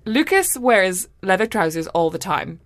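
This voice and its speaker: A woman's voice: mid-range voice, no room sound, studio quality. Chatty woman hosting a book chat. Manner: chatty, lots of fillers and tag questions. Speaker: podcast host.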